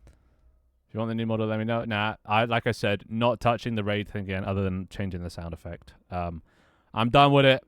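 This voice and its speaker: A man's voice: on the low side, flat delivery, fairly quick, smooth, no room sound, studio quality. A man streaming from a small room at home, chatting casually, grumbling, swearing and laughing often. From United Kingdom. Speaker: live streamer. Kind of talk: casual live-stream chat.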